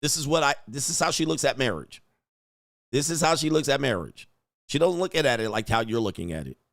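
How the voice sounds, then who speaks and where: A man's voice: mid-range voice, expressive, brisk, creaky, fairly bright tone, dry recording, studio quality. Blunt, mocking male commentary host. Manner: blunt, crude, mocking, slangy. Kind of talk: reaction commentary on clips.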